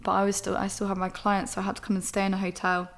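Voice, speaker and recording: A woman's voice: mid-range voice, completely flat delivery, rapid-fire. Frank young Englishwoman telling a story. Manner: emotional, rambling, frank with swearing. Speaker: podcast host. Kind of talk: candid personal storytelling.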